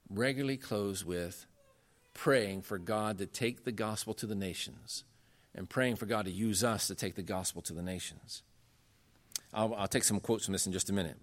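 A man giving a lecture on church history, earnest and emphatic, talking in a conversational way and pushing his voice up to stress points. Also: fairly bright tone. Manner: earnest, emphatic, rising in pitch when making points; conversational with frequent fillers.

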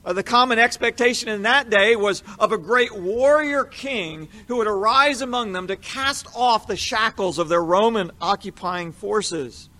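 Bright-voiced man teaching scripture. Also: sits high, normal speed, few pauses. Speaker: Bible teacher.

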